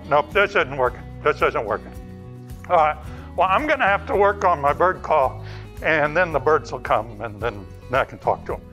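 A bumbling forest ranger, played by a man in a kids' church video skit, rambling along with endless yeahs and uh-huhs. His voice sits high and swoops up and down. There is light music behind him. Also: fairly bright tone. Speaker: children's ministry character.

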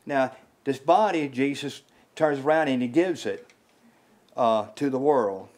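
A man preaching an informal sermon in a small house church, halting and repeating words with many fillers, his voice rising when he stresses a point. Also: medium pitch, darkish tone. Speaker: lay preacher.

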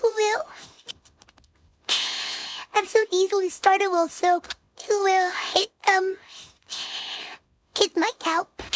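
A woman voicing a tall young wolf girl who keeps hiccupping, speaking in a squeaky, flustered, halting way in an audio role-play. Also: steady tone, slight background noise. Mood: flustered pleading. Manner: flustered, pleading, halting speech. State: hiccupping constantly.

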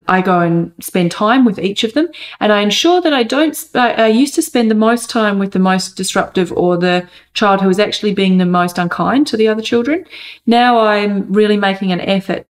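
A woman and mother giving an earnest, thoughtful update on family life, pausing often as she gathers her thoughts. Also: medium pitch. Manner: earnest, thoughtful, hesitant with many pauses. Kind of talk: reflective personal update.

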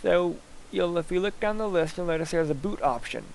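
A man instructor talking casually through a screen-recorded software lab, thinking aloud as he clicks through each step. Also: high-pitched, fairly quick, creaky, slight background noise, rough recording.

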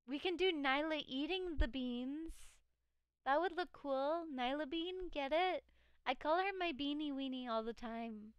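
A woman's voice: sits high, measured pace, no room sound. A woman live streamer chatting casually with her viewers and reading out chat. She sounds tired, her voice cracking now and then. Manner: chatty, reads chat aloud, frequent laughs.

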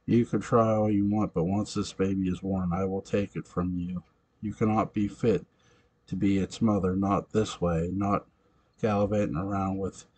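A man's voice: deep voice, darkish tone, breathy edge. A man reading the part of a jealous, enraged male vampire in an amateur audiobook, with a snarling, menacing delivery.

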